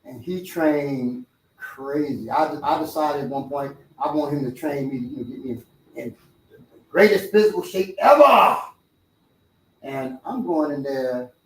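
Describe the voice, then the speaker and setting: A middle-aged man, a martial arts instructor and host, telling stories in casual chat and acting out other people's lines loudly. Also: medium pitch, normal speed. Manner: animated, acts out quoted voices loudly. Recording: roomy sound from a distant mic.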